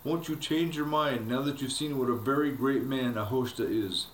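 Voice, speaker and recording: A man voicing a frightened, spoiled young noblewoman who whimpers and squeaks as he reads a storybook aloud. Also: fairly even intonation, moderate pace, close to an everyday voice. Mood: whimpering. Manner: squeaky and whiny. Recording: echoey room, faint background hiss.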